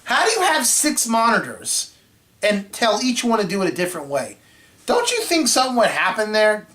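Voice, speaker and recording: A man co-hosting a movie review show, telling a rambling story in casual chat and clearing his throat often. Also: sits high, wildly swooping pitch, moderate pace, bright, forceful tone. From Florida.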